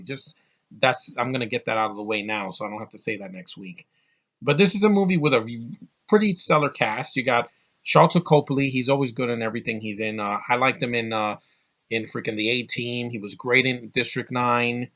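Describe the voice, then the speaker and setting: A man talking straight to camera in a loose, rambling movie-review vlog. His voice is bright and forward, and he swears freely and gets heated. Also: mid-range voice, a little fast. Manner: rambling, profane, fired-up.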